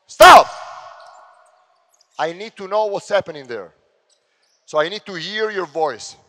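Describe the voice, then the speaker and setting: Male coach, Italian accent, fairly high voice, barks drill calls, long gym reverb. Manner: brisk commands, shouts cues during drills. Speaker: basketball coach. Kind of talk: on-court coaching clinic. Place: large indoor gym.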